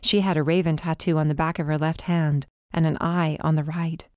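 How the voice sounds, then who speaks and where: A woman reading a first-person dark fantasy story as audiobook narrator, with tense, urgent delivery. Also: low voice, level tone, fairly quick, no echo, clean studio sound.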